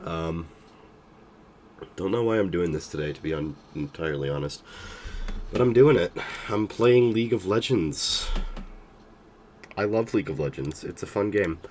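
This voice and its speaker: A man's voice: low voice, lively intonation, moderate pace, pauses often, a little mellow, a little hiss or hum. A young man streaming a game, talking casually and rambling with many hesitations, sounding sick and tired. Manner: rambling, hesitant, self-deprecating. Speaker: gaming streamer.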